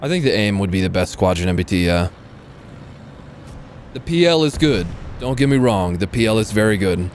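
A man's voice: fairly low pitch, animated, normal speed, a little hiss or hum. A young man commenting on a live tank game stream, swearing, sarcastic and chatting with viewers.

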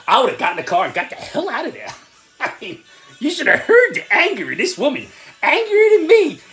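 A man's voice: very high voice, a bit bright. A man in his fifties hosting a comedic rant vlog, sarcastic and ranting, often breaking into laughs. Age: 50s. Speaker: host.

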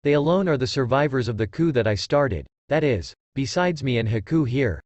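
A man reading aloud and voicing an exiled adult swordsman who speaks in a cold, measured way. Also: mid-range voice, lively intonation, a little mellow, no echo, close to an everyday voice. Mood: chilly.

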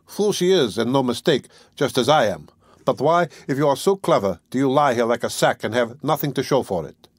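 A man's voice: lively intonation, fairly quick, breathy edge, dry recording, clean studio sound. A male audiobook narrator voicing a talkative, cheerful peasant servant woman in a raised, teasing voice. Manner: chatty, teasing, higher-pitched.

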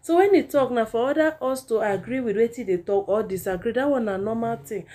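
A talkative Nigerian woman giving casual gossip commentary for her channel. Her voice is mellow and warm. She runs on freely, mixing Pidgin with English. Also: fairly high pitch, fast. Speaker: celebrity gossip YouTuber.

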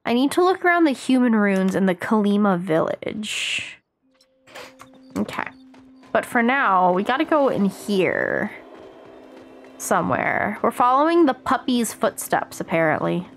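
An American woman streaming a game, chatting excitedly with her viewers as she plays. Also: mid-range voice, measured pace, slight background noise. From United States. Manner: chatty, excitable, talks to chat while playing. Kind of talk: casual live-stream chat while gaming.

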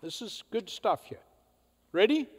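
A male pastor preaching a sermon, swinging from loud emphatic declarations to hushed, quiet asides. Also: high voice, big pitch swings, unhurried, husky. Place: church sanctuary. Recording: church hall reverb.

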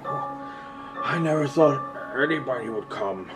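A game master voicing a wild-haired old male lighthouse keeper who rambles with halting restarts. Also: mid-range voice, animated, distant mic, over loud music, pitched above the performer's own voice, lightly acted, low-quality recording. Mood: frantic.

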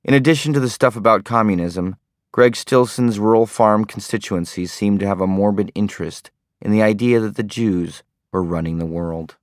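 A man narrating an audiobook in a steady, understated way. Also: fairly low pitch, moderate pace, dry recording, clean studio sound. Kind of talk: scripted narration.

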